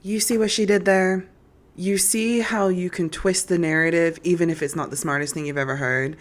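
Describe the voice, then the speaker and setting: A woman's voice: lowish voice, fairly even intonation, moderate pace. A woman hosting a solo commentary podcast, sassy and incredulous, talking straight to her audience. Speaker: podcast host.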